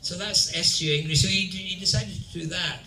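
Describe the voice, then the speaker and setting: A man's voice: sits high, brisk, sharp tone, far from the mic. An older man with a Scottish accent, a convention panel guest telling playful stories with laughing asides. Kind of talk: anecdotal storytelling to an audience. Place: large convention hall. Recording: echoey hall with crowd.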